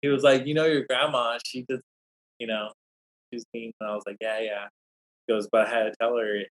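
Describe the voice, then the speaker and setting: A man's voice: medium pitch, flat delivery, a little fast, poor audio. Rambling man telling stories. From Native American community. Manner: rambling, anecdotal, many restarts. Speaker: guest scholar. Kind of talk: podcast interview storytelling.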